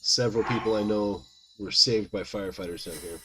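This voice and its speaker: A worn-out man in his thirties chats loosely with his viewers while he plays, drifting from topic to topic at an everyday pitch. Game music runs clearly underneath his voice. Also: brisk. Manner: rambling, chatty, talks to chat by name. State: tired. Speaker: game streamer. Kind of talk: casual chat while gaming.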